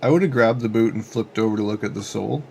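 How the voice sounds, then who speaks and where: A man's voice: fairly low pitch, fast, gravelly, mellow, breathy edge. A man playing at a tabletop game, chatting casually, joking and swearing freely. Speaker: player.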